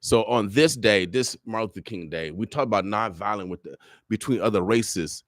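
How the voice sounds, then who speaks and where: A man's voice: on the low side, normal speed, dry recording, studio quality. A man giving a fiery, preacher-like radio monologue full of repeated phrases. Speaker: radio show guest speaker.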